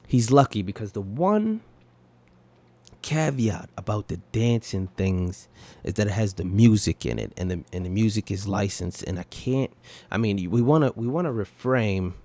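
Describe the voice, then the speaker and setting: Dark-voiced profane podcast host. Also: male voice, on the low side, no room sound. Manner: rambling, swears often, tag questions. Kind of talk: casual profane reaction chat.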